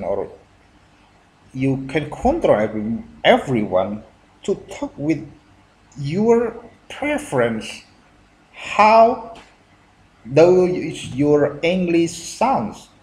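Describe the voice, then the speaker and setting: A man with an Indonesian accent hosts a casual reaction video in halting non-native English, often restarting his sentences. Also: on the high side, sing-song, darkish tone, slight background noise. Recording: roomy echo.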